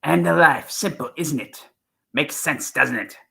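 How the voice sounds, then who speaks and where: A man's voice: a little high, measured pace, vocal fry, sharp tone, voice pushed up, full character voice. A man doing an impression of an eccentric male time traveler, delivered theatrically and dramatically. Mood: menacing. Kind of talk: impression of an actor's performance.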